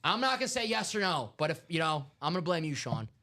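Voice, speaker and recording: A man's voice: on the high side, quick pace. Chatty male card-break host. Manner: chatty, excitable, rambling with fillers. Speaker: host of a live sports card break stream. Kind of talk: casual live-stream patter.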